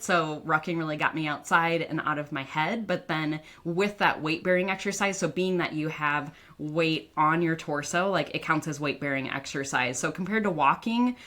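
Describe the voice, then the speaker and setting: A woman dietitian and author from the northern United States chats casually as a podcast guest, her talk full of "like" fillers. Her voice is low and a bit bright.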